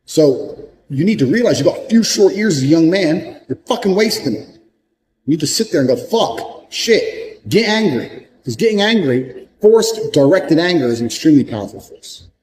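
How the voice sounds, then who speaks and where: A man's voice: a little high, expressive, a little fast, darkish tone, rough recording. A man giving a blunt, profane motivational monologue, hammering points home through repetition. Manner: repeats points for emphasis. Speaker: motivational speaker.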